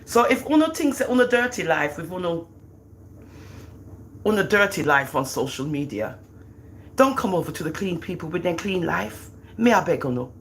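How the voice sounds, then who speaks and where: A woman's voice: on the low side, moderate pace, a little hiss or hum. A middle-aged woman with a Jamaican accent, chatting casually on a livestream in a teasing, boastful manner. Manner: animated, teasing, boastful about her children. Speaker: livestream host.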